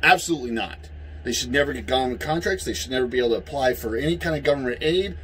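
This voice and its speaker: A man from the United States in a heated, profane political rant, yelling at times. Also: medium pitch, very fast, slight background noise, low-quality recording. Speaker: vlogger.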